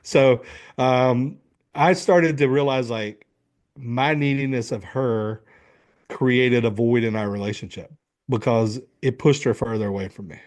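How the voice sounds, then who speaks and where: A middle-aged man, a men's coach, speaks a little slowly in a mid-range voice while telling a story in an interview. Animated throughout, he acts out people's words and swears freely.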